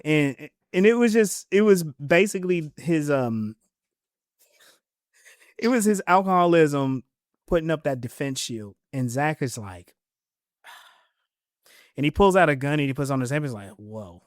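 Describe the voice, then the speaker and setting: A man co-hosting a casual podcast, recapping a TV episode with lively paraphrased character quotes. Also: a little high, a little slow, long pauses, no echo, studio quality. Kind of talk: casual chat.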